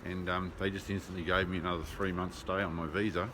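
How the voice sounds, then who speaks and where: This is a casual video diary from an Australian man walking and riding around the city, blunt, full of ums and swearing. He talks fast in a low-pitched voice that barely moves in pitch. He films on a handheld phone, and loud street noise fills the video.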